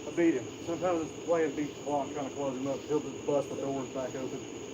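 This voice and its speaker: A man's voice: medium pitch, level tone, a little fast. A man livestreaming from outdoors at night, coaxing his pet and chatting casually, a little out of breath. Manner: talks to his pet in coaxing baby talk between chatty asides. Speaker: livestream host caring for animals. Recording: noisy outdoor night recording with crickets.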